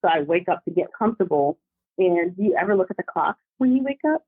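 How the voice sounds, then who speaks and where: A woman calling in to a podcast, telling a story in a casual and animated way. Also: fairly low pitch, fast, husky, no echo. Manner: animated, vivid retelling. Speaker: caller. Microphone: phone call. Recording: tinny phone line.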